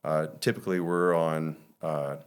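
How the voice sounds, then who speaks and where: A man's voice: a bass voice, flat delivery, unhurried, clean tone. A man from Mississippi, a podcast guest telling stories in a loose, rambling way full of fillers and restarts. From Mississippi, USA. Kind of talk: casual storytelling.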